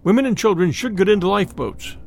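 A man voicing a calm ship's purser with a British accent, reassuring passengers in an audio story. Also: high voice, quick pace, creaky, full character voice.

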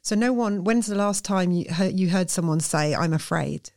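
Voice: mid-range voice, normal speed, gravelly, darkish tone, dry recording, studio quality. A therapist, explaining earnestly and emphatically in a conversational interview. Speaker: therapist guest.

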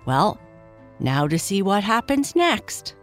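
A woman reading a children's story aloud, gently lifting her pitch for the characters. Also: big pitch swings, slow, soft background music.

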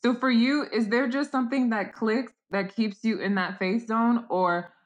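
A woman hosting a podcast interview, affirming her guest and asking gentle questions. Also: on the high side, steady tone, moderate pace. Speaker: podcast host. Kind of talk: interview conversation.

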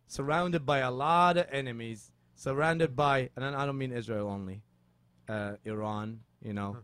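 Middle Eastern-accented host, rambling chat. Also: male voice, mid-range voice, normal speed, fairly bright tone, clear, resonant tone, dry recording. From Middle East. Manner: rambling, playful, many fillers. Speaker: podcast host. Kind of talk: casual comedic chat.

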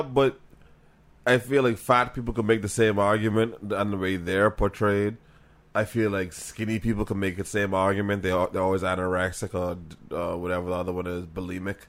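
A man's voice: on the low side, a bit bright. A man from the Bahamas, co-hosting a casual chat, thinking aloud with rambling, profane talk.

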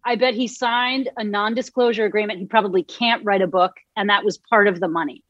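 A woman's voice: medium pitch, fairly even intonation, fairly quick, fairly bright tone, no echo, dull audio. A woman from Massachusetts in casual chat, offering thoughtful, hedging asides.

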